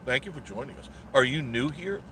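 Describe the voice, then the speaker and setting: A man's voice: mid-range voice, animated, brisk, noisy background. A man hosting a casual live stream, telling a rambling story with a sarcastic edge and greeting viewers in the chat.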